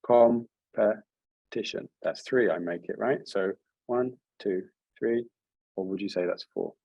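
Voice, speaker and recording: A man's voice: low voice, unhurried, a little mellow, no echo, muffled recording. A man leading an online writing workshop over a video call, speaking in a friendly, encouraging way with frequent restarts. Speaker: workshop leader.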